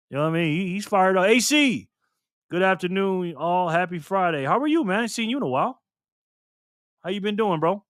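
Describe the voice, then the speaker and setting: A man with a slightly high voice hosts a casual live stream, greeting viewers and chatting loosely in a laid-back way. He laughs often, and the sound is clean, studio quality, with no echo.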